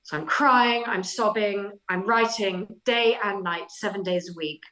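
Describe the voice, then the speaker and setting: A middle-aged woman, a guest author, telling animated anecdotes in a casual interview with self-deprecating humour. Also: mid-range voice, measured pace, poor audio.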